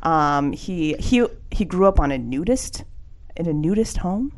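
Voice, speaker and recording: A woman's voice: fairly low pitch, lively intonation, unhurried. A woman co-hosting a podcast, chatting enthusiastically and giggling as her thoughts trail off. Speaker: podcast co-host. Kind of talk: casual comedic chat.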